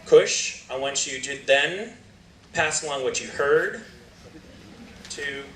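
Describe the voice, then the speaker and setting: A man's voice: fairly high pitch, expressive, takes it slowly, sharp tone, recorded from a distance. Playful man running a lecture-hall game. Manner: playful, coaxing, laughs often. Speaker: guest lecturer.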